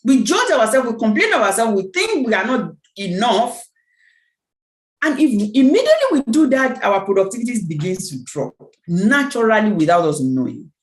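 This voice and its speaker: A woman's voice: a little high, very animated, moderate pace, reverberant, low-quality recording. A woman speaking at a team meeting, giving an emphatic motivational talk with repeated phrases and a preacher-like cadence. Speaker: network marketing team speaker.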